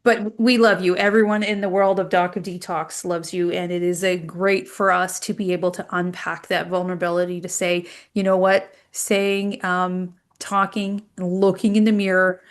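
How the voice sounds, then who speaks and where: A woman's voice: fairly low pitch, level tone, normal speed, few pauses. A woman hosting a motivational live Q&A in an encouraging, reassuring way. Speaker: host.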